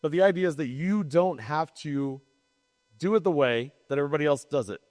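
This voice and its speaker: A man's voice: a little high, a little fast, darkish tone, long reverb tail. A man co-hosting a podcast in casual chat, talking in a rambling, emphatic way and often restarting his sentences. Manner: rambling, self-interrupting, emphatic. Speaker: podcast co-host.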